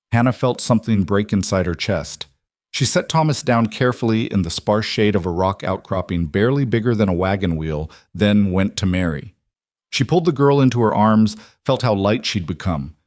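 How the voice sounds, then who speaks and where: A man narrating a western story in a measured, dramatic storytelling manner. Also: lowish voice, a little mellow, dry recording, studio quality. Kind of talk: scripted narration.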